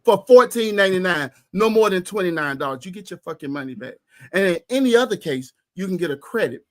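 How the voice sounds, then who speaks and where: A man's voice: sits high, lively intonation, fast. A man co-hosting a podcast in casual chat, ranting heatedly and profanely with emphatic repetition. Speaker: podcast co-host.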